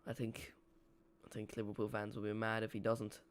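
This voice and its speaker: A man's voice: fairly low pitch, monotone, a little fast. A young man, hosting a live football watch-along in a chatty, self-mocking way. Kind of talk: casual live match commentary.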